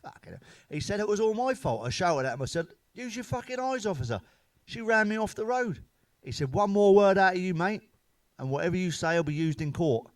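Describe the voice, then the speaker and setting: A middle-aged British man rattles off crude, sweary gags in a deadpan stand-up delivery. His voice sits a little higher than usual for a man. The sound is dry and close, with no room around it. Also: brisk, no echo. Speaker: stand-up comedian. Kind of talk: deadpan joke-telling monologue.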